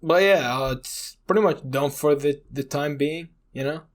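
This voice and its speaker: A man's voice: fairly high pitch, normal speed. Rambling young man venting on a podcast. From Iraq. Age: young adult. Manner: rambling storyteller, swears a lot, leans on "you know". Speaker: podcast co-host. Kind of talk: casual chat.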